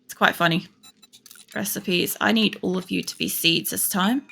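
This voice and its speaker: An Australian woman talks as she plays a game at home, rambling and casual and swearing freely. Her voice sits low and gravelly, yet has a bright edge. She has a faint hiss behind her. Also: steady tone, moderate pace. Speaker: game streamer. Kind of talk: casual chat while playing. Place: home computer setup.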